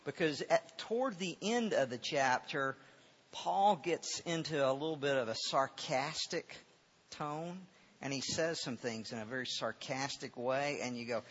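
A man's voice: medium pitch, measured pace, fairly bright tone, slightly rough. Man preaching in an echoing hall. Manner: conversational, rising to emphatic on key lines. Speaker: pastor. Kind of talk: sermon, Bible teaching. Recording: dull audio with long reverb in a large hall.

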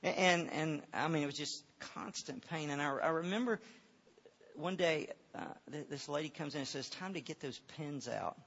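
A man's voice: fairly high pitch, normal speed, fairly bright tone, slightly rough. A man preaching a sermon and telling a personal story, earnest, often repeating words and restarting. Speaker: pastor. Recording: dull lo-fi recording.

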